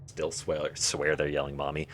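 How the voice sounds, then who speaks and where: A man's voice: rumbling low, monotone, moderate pace. A man live-streaming a game, joking and thinking aloud as he answers chat. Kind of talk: casual live-stream chat while playing.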